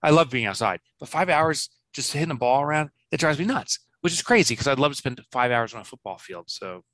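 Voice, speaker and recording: A man in his fifties, a business author guest, chatting casually in an interview and acting out quotes with lively swings of voice. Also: mid-range voice, a little fast, no echo. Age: 50s. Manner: animated, laughs easily, acts out quotes.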